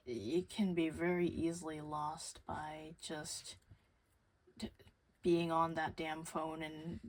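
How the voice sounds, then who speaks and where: Young woman vlogger, unhurried, low-pitched, rambling with casual swearing. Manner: rambling, swears casually, loses her train of thought.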